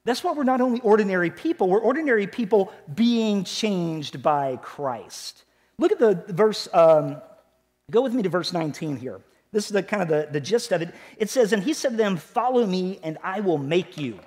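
Pastor, middle-aged man, higher voice, very lively pitch, delivering a sermon with big rises and quiet drops. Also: normal speed. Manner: animated preaching, rising and dropping sharply for emphasis. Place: church sanctuary.

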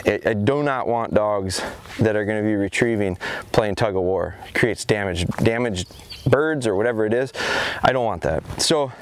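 A middle-aged man, a dog trainer, talking through an outdoor training session in a calm, plain-spoken way, recorded outside on a camera mic. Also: on the low side, moderate pace. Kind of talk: casual instructional vlog. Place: outdoors in a yard.

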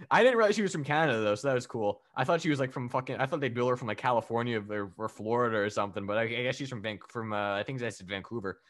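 A man's voice: mid-range voice, rapid-fire, few pauses. Rambling, laughing man in casual chat. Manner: animated, laughing, profane, rambling with fillers. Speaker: podcast co-host. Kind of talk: casual chat reviewing wrestling.

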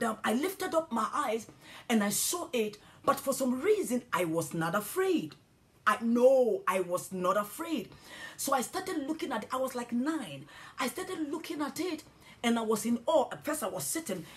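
A woman from Ghana telling a spiritual testimony, animated and emotional, with hushed, awed passages. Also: mid-range voice. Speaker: Christian speaker.

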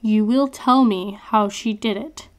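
A woman's voice: medium pitch, a little slow, lightly acted. A woman reading as a cruel mocking male interrogator. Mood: menacing. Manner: calm, taunting, almost sing-song.

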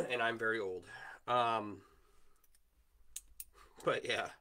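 A man's voice: medium pitch, animated, extremely slow, a bit bright. A man with a Wisconsin accent hosting a livestream, chatting casually and rambling while he works on chainmail and answers viewer comments. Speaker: livestream host, chainmail maker.

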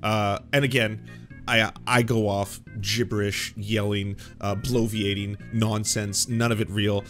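A man from Canada telling a casual story on a podcast in an animated, stammering way, with swearing. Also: on the low side, unhurried, soft background music.

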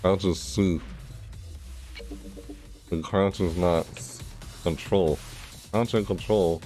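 A man's voice: sits low, slow, faint music behind. A man streaming a shooter game, talking to himself in casual commentary with frequent startled yelps and groans. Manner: excitable, yelps and self-talk.

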